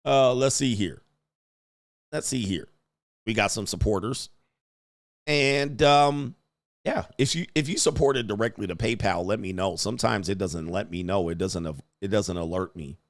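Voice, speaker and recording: A man with a lowish voice hosts a live stream at a normal pace, chatting in a loose, joking way. He reads viewers' donation messages aloud and laughs a lot.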